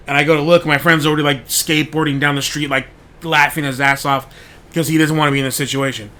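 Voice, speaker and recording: On the high side and sharp in tone, the podcast host talks fast in a steady voice. He spins a meandering story in an easygoing monologue, heavy on "like" and full of profanity.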